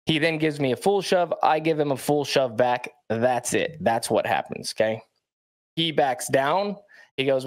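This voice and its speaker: A man's voice: mid-range voice, lively intonation, a little slow. A man, a professional athlete, telling a story bluntly in short emphatic sentences, often checking in with the listener. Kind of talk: storytelling in a played clip.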